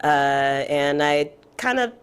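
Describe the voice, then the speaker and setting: A woman in her thirties with a raspy voice, talking reflectively as an interview guest, with many fillers. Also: sits low, expressive, takes it slowly. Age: 30s. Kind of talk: casual interview chat.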